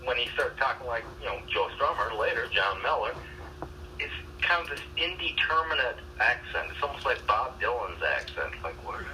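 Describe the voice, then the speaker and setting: A man co-hosting a casual podcast conversation, stumbling and repeating words while he works out his thoughts. His voice moves up and down a lot. He sits away from the mic, with steady background noise in the recording. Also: medium pitch, normal speed, far from the mic, rough recording. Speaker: podcast co-host. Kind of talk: casual chat.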